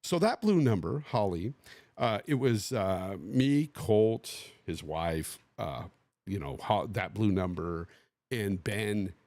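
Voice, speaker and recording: Male podcast host from the Bay Area. Animated casual storyteller who acts out quotes. Lively pitch, dry sound. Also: takes it slowly, no echo. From Bay Area, USA.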